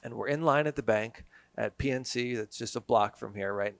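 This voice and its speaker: A man's voice: mid-range voice, moderate pace, vocal fry, no echo. Man telling a story in a dry studio. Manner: animated storyteller, acts out quotes. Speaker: guest, business owner. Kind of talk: casual storytelling.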